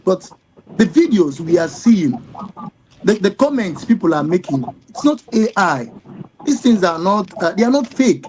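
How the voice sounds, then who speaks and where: A man's voice: sits high, sing-song, moderate pace, darkish tone, a little hiss or hum, rough recording. A man with a Nigerian accent, a guest on a live discussion, speaking emphatically and indignantly with many rhetorical questions and stacked fillers. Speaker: guest commentator.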